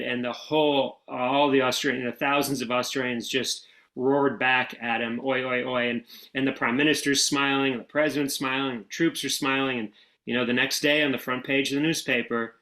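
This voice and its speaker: An American man, a former speechwriter, answering interview questions in a relaxed, anecdotal way with frequent fillers and restarts. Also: medium pitch, a little fast, rough recording. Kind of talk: conversational interview storytelling.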